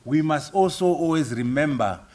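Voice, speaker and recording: A man's voice: fairly high pitch, expressive, moderate pace, a little mellow, slight background noise. A man, a professor, answering audience questions at a book launch, speaking emphatically and rhetorically, often adding tag questions and chuckles. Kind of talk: public lecture Q&A at a book launch.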